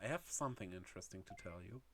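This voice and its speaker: A man's voice: low voice, expressive, fast talker, a bit bright. A man chatting casually on a game livestream, laughing often and reading chat aloud. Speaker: game streamer.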